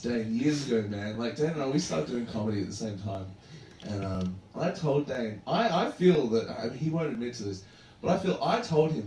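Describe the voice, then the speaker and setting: An Australian stand-up comedian riffs through a loose, rambling roast on a comedy club stage, tossing "man" and "dude" into everything. His mid-range voice has a darkish tone and lively intonation, and he talks a little fast. A distant mic picks him up in an echoey club room with background noise and audience laughter.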